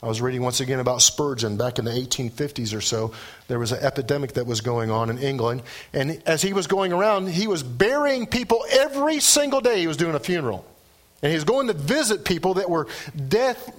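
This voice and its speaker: A man preaching a sermon, animated, with his voice rising and dropping for emphasis. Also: on the high side, fairly quick. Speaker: pastor.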